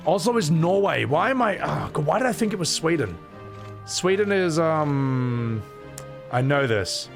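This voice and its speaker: A young man casually commentating his first playthrough of a game, excitable and self-mocking, laughing and swearing as he goes. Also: fairly high pitch, measured pace, creaky, faint music behind. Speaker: streamer voicing game characters. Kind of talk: casual let's-play commentary.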